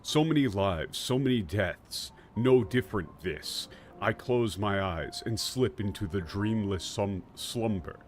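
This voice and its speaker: A man voicing a weary ancient male villain, reciting slowly and gravely in a low, dramatic voice. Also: animated, slight background noise. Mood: grim, contemptuous.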